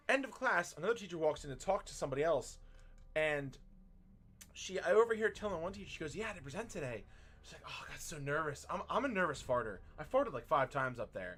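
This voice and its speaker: Lively, profane man in his thirties. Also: on the high side, fast, faint music behind. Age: 30s. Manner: profane storytelling, laughing often. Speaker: streamer and teacher. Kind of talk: casual stream chat.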